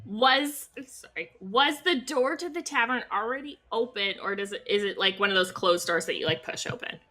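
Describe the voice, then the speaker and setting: A woman's voice: mid-range voice, animated, moderate pace, bright, forceful tone. A woman playing a tabletop game in a playful, teasing, giggly way. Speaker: player.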